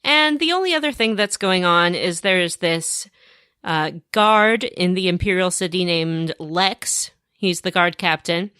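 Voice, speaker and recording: A woman co-hosting a podcast, retelling her game in casual, animated storytelling. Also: on the low side, a little slow, smooth, no room sound, clean studio sound. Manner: animated storytelling, acts out characters. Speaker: podcast co-host. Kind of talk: casual chat recapping a game.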